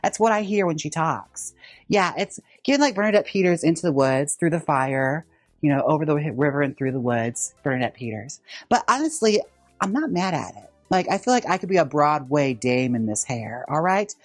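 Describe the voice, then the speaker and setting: A man's voice: fairly high pitch, moderate pace, no echo, soft background music. A drag queen host chatting campily and sassily while styling a wig in a casual vlog. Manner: campy, sassy, animated chatter.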